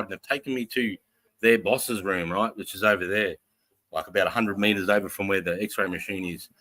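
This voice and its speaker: An Australian man, a podcast host, telling a profane, animated story in a casual chat, acting out the voices of the people in it. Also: lowish voice, brisk, rough recording.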